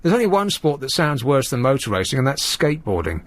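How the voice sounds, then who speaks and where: A man's voice: medium pitch, big pitch swings, fast. A man hosting a late-night radio phone-in, dry and sardonic, joking with callers and studio staff at a studio microphone. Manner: dry, sardonic and mock-outraged.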